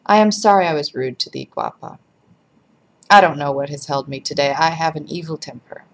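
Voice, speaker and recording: Blunt, jealous older peasant woman, low gravelly voice, read by a woman. Storybook reading. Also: animated, a little fast, low-quality recording. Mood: earnest.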